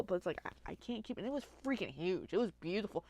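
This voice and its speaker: A woman's voice: medium pitch, rapid-fire. A middle-aged woman telling a long casual story on her craft livestream, chatty and full of "like", acting out what she said back then. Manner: chatty, lots of "like", animated quoting of herself. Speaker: card-making livestream host.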